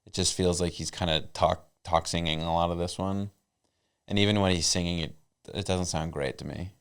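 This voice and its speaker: A man co-hosting a comedy podcast, giving his take in dry, teasing, unhurried casual chat. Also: deep voice, steady tone, clear, resonant tone. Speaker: podcast co-host.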